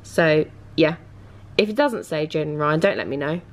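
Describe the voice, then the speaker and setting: A woman's voice: low voice, lively intonation, moderate pace. A young woman vlogger telling a travel story to camera in a chatty, casual way, laughing often and dropping dry asides.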